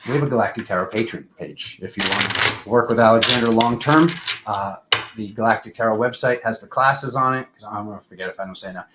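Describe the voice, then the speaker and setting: A man hosting a casual live-stream tarot reading, talking in an unhurried, rambling spiritual way with many fillers. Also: on the low side, heavy background noise.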